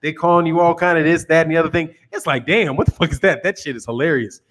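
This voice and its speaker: Fast and fairly bright, the voice of this man from the United States runs high as he hosts a boxing channel. He rants casually, curses a lot, teases and laughs frequently.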